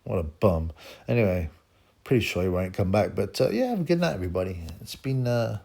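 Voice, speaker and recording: A man's voice: lowish voice, very animated, brisk, gravelly, mellow. A man hosting a boxing channel, ranting alone in a scornful, mocking way, with rambling asides and bursts of laughter. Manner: frequent laughs and "you know" asides. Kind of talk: ranting solo commentary.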